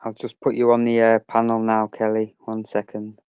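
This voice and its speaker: A man's voice: lowish voice, monotone, normal speed, darkish tone, clean tone, no echo, muffled recording. A man hosting a casual live stream, chatting with viewers and greeting them by name.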